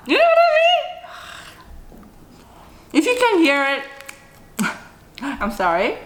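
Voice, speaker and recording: Eating on camera, a middle-aged mukbang vlogger keeps up chatty, casual talk punctuated by frequent "mm" sounds. Her high voice swings hugely in pitch, she goes slowly with many pauses, and there's a slight hiss or hum plus roomy echo.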